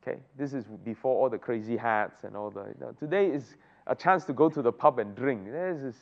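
A man's voice: medium pitch, fairly quick, vocal fry. A man teaching a Bible study, often asking the group rhetorical questions. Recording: dull lo-fi recording.

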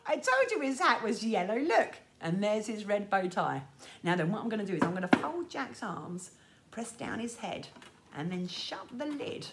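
A woman leading a sing-along class for young children in a lively, sing-song way. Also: medium pitch, background noise. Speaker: children's music class teacher.

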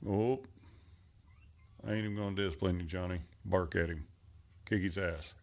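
A man talking to his animals outdoors, coaxing and teasing them, sometimes cussing and calling out in a high voice. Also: fairly even intonation, normal speed, background noise. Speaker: animal keeper filming his pets. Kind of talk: casual running commentary to animals. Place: outdoors, rural.

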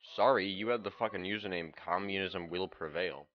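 A man's voice: low voice, moderate pace, muffled recording. A young man streaming a game, ranting in a profane, casual way as he plays. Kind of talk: casual gameplay commentary.

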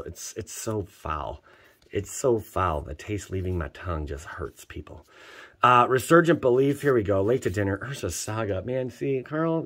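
A man casually commenting as he opens card packs for viewers, excitable and joking, jumping between loud hype and quiet muttering. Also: low-pitched. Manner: slangy, joking, teasing. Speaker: channel host opening card packs for viewers.

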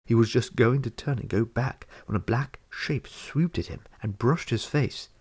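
A man narrating a fantasy storybook chapter in a measured reading voice. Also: medium pitch, a little mellow, husky. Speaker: audiobook reader.

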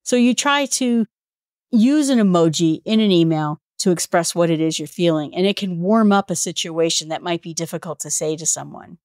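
A woman's voice: on the low side, brisk, few pauses, darkish tone, dry recording, clean studio sound. A woman hosting a solo podcast in a chatty, self-deprecating way, reading out quotes from a book now and then. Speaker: podcast host. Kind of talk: casual solo podcast talk.

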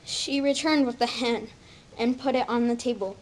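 A woman reads a children's picture book aloud with lively expression. Her voice is fairly high. A faint hiss sits in the background. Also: moderate pace. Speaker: story reader.

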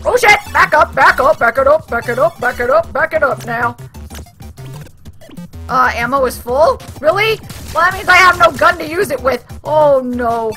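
A young woman gamer commentating as she plays, excitable and swearing, with frequent shrieks and yelps. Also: sits high, a little slow, soft background music. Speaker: gaming channel host. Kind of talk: let's play commentary.

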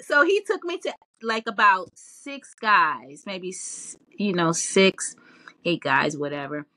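A woman guest in a casual interview, telling her story in an animated way with lots of laughs and fillers. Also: mid-range voice, takes it slowly. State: tearful, near crying.

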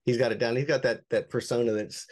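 Fast-talking male co-host. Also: mid-range voice, fairly even intonation, a little mellow. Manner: fast, with restarts and filler words. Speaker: co-host of magic web show. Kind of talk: casual chat.

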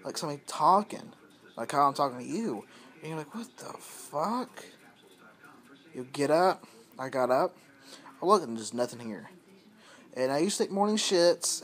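A man talks into his phone camera at home and tells a story in a loose, unscripted way. He rambles, swears freely and circles back over the same points. His voice sits at an ordinary middle pitch. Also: a bit bright. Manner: rambling, profane, repetitive. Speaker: vlogger. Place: at home, indoors.

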